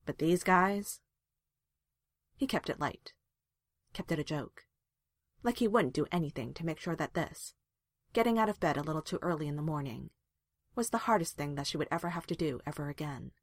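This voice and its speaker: A woman narrating a story aloud in a calm, even reading voice. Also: low voice, a little fast, no echo, studio quality. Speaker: reader.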